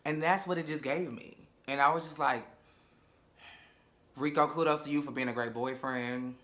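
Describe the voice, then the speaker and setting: A sassy man rants through a reality show recap in a bright, forceful voice that sits a little high. He talks in a casual, animated way, full of profane, campy asides. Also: moderate pace. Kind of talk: casual episode review.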